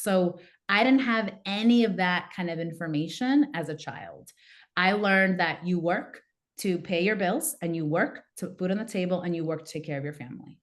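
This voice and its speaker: A woman, a coach and podcast guest, telling a personal story in a lively way and acting out what her family said. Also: on the low side, normal speed. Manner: animated, acts out quoted family members. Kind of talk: casual interview storytelling.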